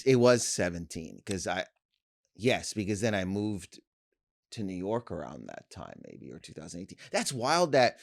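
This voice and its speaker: A man's voice: sits low, very animated, normal speed, vocal fry, no echo, studio quality. A man co-hosting a comedy podcast, telling rambling stories in casual chat and laughing often. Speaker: podcast co-host.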